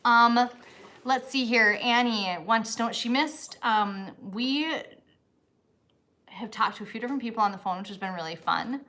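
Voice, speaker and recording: Bright woman co-hosting a casual stream. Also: fairly high pitch, moderate pace. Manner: rambling, many fillers, talks while doing chores. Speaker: live stream co-host. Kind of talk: casual chat.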